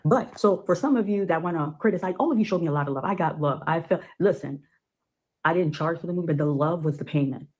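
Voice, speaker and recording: A woman from Ohio speaks as a podcast guest, her voice low and husky. She talks emphatically, circling back and repeating words to drive her points home in a loose, conversational way. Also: fast, darkish tone, poor audio. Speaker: guest filmmaker. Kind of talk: casual podcast talk.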